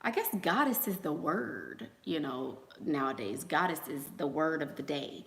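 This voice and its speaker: A woman's voice: low voice, very animated, measured pace, vocal fry, a bit bright, roomy sound. A woman hosting a casual livestream, chatting with viewers and telling gossipy stories full of asides and fillers. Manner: chatty, gossipy storyteller who acts out quotes; frequent fillers and trailing asides. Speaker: host.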